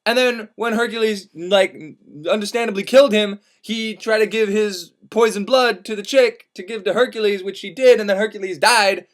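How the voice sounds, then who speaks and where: A man with a fairly high voice tells an old epic in a loose, irreverent way. He swears freely and throws in wry asides as he goes. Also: steady tone, normal speed, few pauses. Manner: casual, profane, wry asides. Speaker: storyteller. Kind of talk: irreverent comic retelling of a classic.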